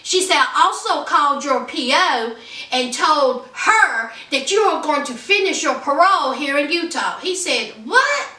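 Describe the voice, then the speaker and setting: A woman's voice: sits high, unhurried, reverberant, far from the mic. A woman talking casually and sassily to her viewers as she recaps a reality show episode. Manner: animated, sassy, talks straight to viewers.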